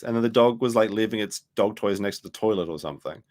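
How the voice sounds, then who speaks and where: A man's voice: on the low side, fast. A man giving casual commentary, rambling and profane, losing his train of thought as he talks. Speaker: commentary streamer.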